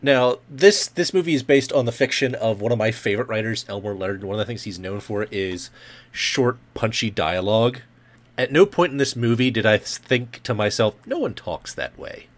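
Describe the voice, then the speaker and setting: A man's voice: on the low side, expressive. Brief: male co-host, casual, stumbles and restarts mid-thought. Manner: halting, restarts a lot. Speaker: podcast co-host. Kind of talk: casual film discussion.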